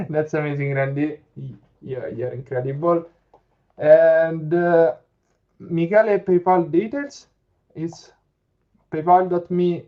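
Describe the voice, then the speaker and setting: Chatty Italian man on a lo-fi livestream. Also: a little high. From Italy. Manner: chatty, reads viewer comments aloud, laughs often. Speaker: livestream host. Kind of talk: casual live chat.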